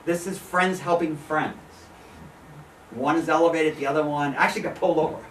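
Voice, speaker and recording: A middle-aged photographer giving an informal slide talk to a gallery audience, an animated storyteller who laughs often and acts out the voices he quotes. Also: on the high side, fairly quick, far from the mic, slight background noise. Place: small art gallery with an audience. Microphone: room recording from a distance. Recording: echoey gallery room, voice from off-mic.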